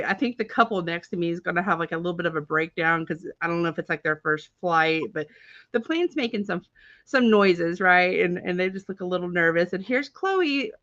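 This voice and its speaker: Woman stream host doing casual storytelling; chatty and animated, with dull, dry lo-fi audio. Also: on the low side, dry recording. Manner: animated, chatty, with many filler words and frequent laughter.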